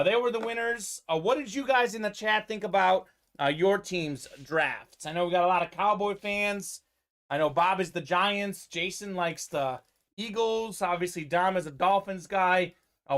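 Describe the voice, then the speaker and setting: A man's voice: high voice, moderate pace, a bit bright. A man hosting a live-streamed sports card break, giving upbeat running commentary on teams and players.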